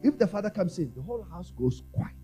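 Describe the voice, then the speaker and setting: In a quick sermon, a South African man preaching as an apostle uses a high, vivid, mellow voice that climbs and dips widely, over faint music with poor audio. He calls for the congregation to repeat after him, going from low, quiet asides to loud exhortation.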